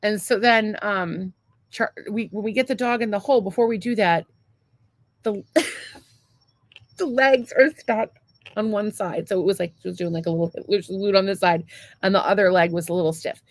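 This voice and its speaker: A woman's voice: medium pitch, moderate pace, pauses often, dry recording. Laughing woman telling a story. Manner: animated, laughing, swears freely. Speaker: podcast co-host. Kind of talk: casual storytelling chat.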